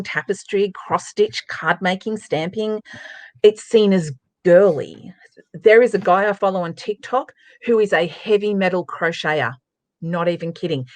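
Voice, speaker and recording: A woman's voice: on the low side, dry recording. An Australian woman talking as a guest in a casual interview, chatty and upbeat, giving emphatic advice. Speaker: guest, craft presenter.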